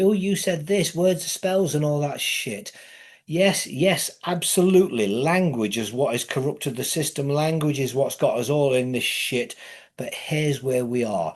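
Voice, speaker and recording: A middle-aged English man with an English accent, ranting in a profane monologue that often swells into emphatic outbursts. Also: medium pitch. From England. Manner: swearing often, heated, rising into emphatic outbursts.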